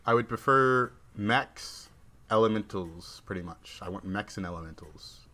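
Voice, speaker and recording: Here a young man streams a card game at normal speed, his low-leaning voice sharp in tone. Relaxed and conversational, he comments on the play while reading and replying to his chat.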